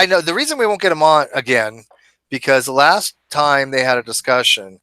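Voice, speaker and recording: A man's voice: medium pitch, bright, forceful tone, no room sound. A man hosting a debate channel in casual chat, talking conversationally with many fillers.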